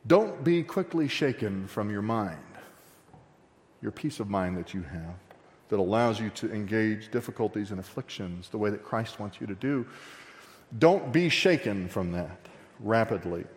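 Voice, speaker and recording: A man preaching a verse-by-verse sermon in a church sanctuary, his voice carrying a long hall reverb. He talks with the congregation more than at them, with jokes and quick asides. Loud, emphatic stretches alternate with softer, quieter ones. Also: lowish voice, expressive. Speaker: pastor. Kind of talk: expository sermon.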